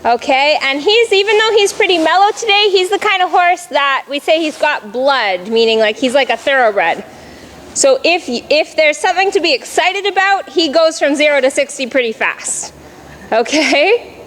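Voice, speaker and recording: A woman's voice: sits high, expressive, moderate pace, a bit bright, a little hiss or hum, poor audio. A woman riding instructor coaching a jumping lesson, calling out cues and explaining in an encouraging, instructive way.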